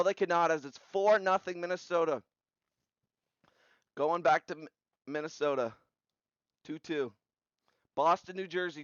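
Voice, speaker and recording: A young man with a fairly high, smooth voice recaps simulated hockey playoffs, firing off scores in short bursts. The sound is close and dry, slightly dull and lo-fi. His energy jumps at big goals. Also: dry recording. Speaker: video game simulation commentator. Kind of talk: play-by-play recap commentary.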